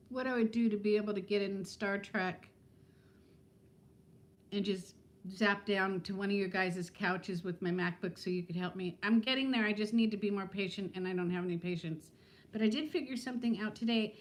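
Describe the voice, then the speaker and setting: A woman's voice: mid-range voice, normal speed. A woman in her fifties chatting casually on a live stream from home, talking to viewers by name and laughing often. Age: 50s. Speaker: vlogger hosting a live stream.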